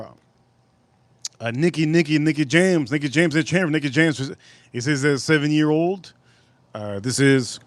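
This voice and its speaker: A man hosting a live stream outdoors at a barbecue, chatting casually and rambling through animated stories. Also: mid-range voice, no room sound.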